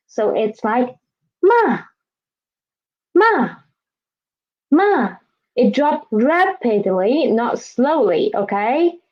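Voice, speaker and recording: A woman teaching a beginner Chinese lesson, whose first language is Vietnamese, patiently modeling and exaggerating each tone for learners to repeat. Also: fairly high pitch. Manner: patient, exaggerates tones when modeling sounds. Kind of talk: slow, deliberate language lesson with repeat-after-me drills. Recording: slightly dull, lo-fi recording.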